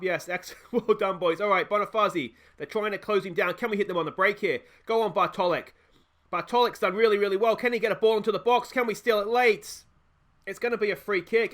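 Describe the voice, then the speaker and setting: A man with an Australian accent giving excitable let's play commentary, fretting over tactics aloud and shouting when goals go in. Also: high-pitched. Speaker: gaming YouTuber.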